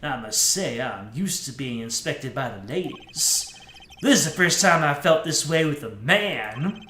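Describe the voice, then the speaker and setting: A man's voice: medium pitch, animated, a little slow, bright, forceful tone, reverberant, a little hiss or hum. Klavier Gavin, a man doing a suave rock star drawl. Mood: flirty.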